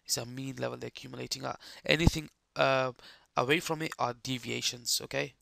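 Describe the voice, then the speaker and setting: A man with a hoarse, croaky voice giving live trading commentary, explaining chart steps and checking that the viewers follow. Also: mid-range voice, steady tone, a little fast, bright, forceful tone, no room sound, studio quality. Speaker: trading streamer.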